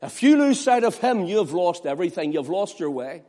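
A man's voice: high-pitched, sing-song, a little fast. Impassioned male preacher. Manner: impassioned, rising and falling between loud appeals and hushed asides. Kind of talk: sermon. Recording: long hall reverb.

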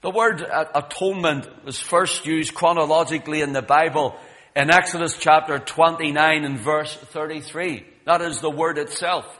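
A man's voice: fairly high pitch, steady tone, moderate pace, sharp tone. A man preaching a sermon in an emphatic, storytelling manner, acting out quoted lines. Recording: long hall reverb.

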